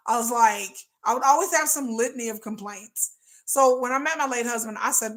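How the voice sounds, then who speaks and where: A middle-aged woman hosting a livestream, chatting casually and acting out quoted lines in a lowered voice. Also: moderate pace. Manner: animated, acts out quotes in lowered voice. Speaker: livestream host. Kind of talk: casual storytelling chat.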